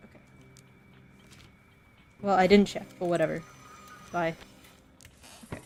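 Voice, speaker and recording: A woman's voice: on the low side, fairly even intonation, a little slow, darkish tone. A young woman streaming a video game, chatting to herself and giggling as she plays. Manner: giggly, talks to herself while playing. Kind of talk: casual let's play commentary. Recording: faint background noise.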